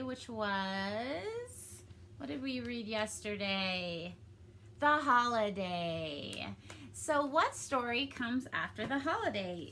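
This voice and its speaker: A woman's voice: fairly high pitch, a little hiss or hum. A young adult woman teaching a recorded reading lesson to young pupils, upbeat and encouraging. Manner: upbeat, encouraging, sing-song with excited peaks. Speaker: elementary school teacher.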